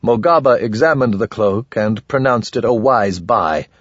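A man reads a first-person story with measured, dry delivery. His voice is low and husky. The sound is dry, close and somewhat dull and lo-fi. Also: lively intonation, no echo. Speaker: audiobook narrator. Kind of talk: scripted first-person narration.

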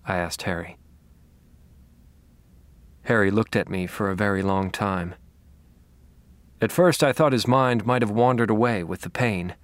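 A man narrating a first-person audiobook in a measured, low-key way. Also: no echo.

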